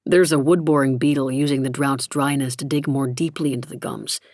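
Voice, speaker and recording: A woman's voice: a bass voice, steady tone, brisk, darkish tone, no room sound, studio quality. Woman voicing a chatty American biologist man. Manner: easygoing, talkative. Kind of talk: audiobook character reading.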